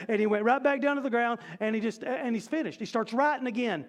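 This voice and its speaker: A male pastor preaching a sermon in a church, animated and conversational with playful asides. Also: very high-pitched, fast talker. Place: church sanctuary.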